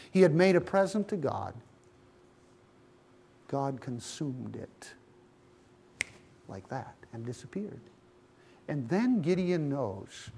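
High-voiced guy preaching slow, telling a bible story to his church. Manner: storytelling, addresses listeners as friends. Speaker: pastor. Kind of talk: sermon.

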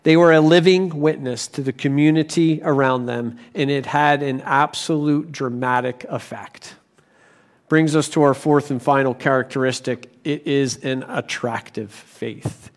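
A man preaching a sermon as pastor, deliberate, with bursts of animated storytelling. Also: mid-range voice.

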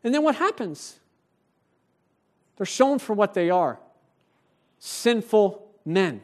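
A male pastor delivers a sermon in a church with a notably high voice. He is animated and conversational, talking directly to the people in the pews rather than reading at them. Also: slow.

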